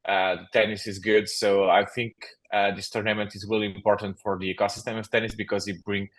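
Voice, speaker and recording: A man's voice: lowish voice, little pitch movement, brisk. A man answering as a guest in a podcast interview, hesitant with many uhs and some non-native phrasing. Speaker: guest, company founder.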